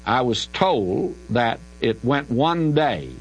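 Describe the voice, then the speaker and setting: A man's voice: medium pitch, lively intonation, slow pace, rough recording. An older man, a Bible teacher answering listener questions on the radio in an emphatic, folksy way, stretching key words. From American South.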